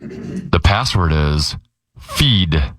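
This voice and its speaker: A man hosting a radio talk show, announcing scores and turns of a word game in a brisk game-show style. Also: deep voice, lively intonation, a bit bright, no room sound, studio quality.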